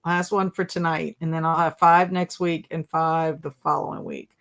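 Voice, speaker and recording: Deep, gravelly and a bit bright, her voice comes with a flat delivery at a moderate pace. Hosting a casual book livestream, she reads out viewer comments and chats, giggling and laughing often at the jokes.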